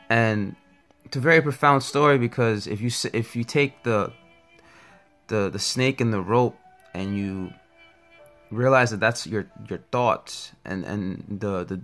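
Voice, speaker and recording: A man's voice: fairly low pitch, a little slow, fairly bright tone. A man giving an earnest, reflective spiritual talk, telling a parable along the way. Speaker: spiritual teacher. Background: faint music.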